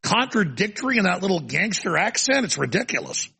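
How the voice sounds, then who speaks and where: A male talk show host ranting forcefully through a heated interview. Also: high voice, very animated, a little fast, creaky, breathy edge.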